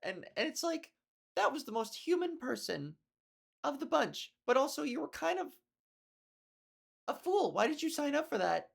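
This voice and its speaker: A woman's voice: high voice, very animated, normal speed, gravelly, long pauses. A woman hosting a comedy podcast, talking in a casual rambling monologue, swearing a lot and acting out the people she mocks.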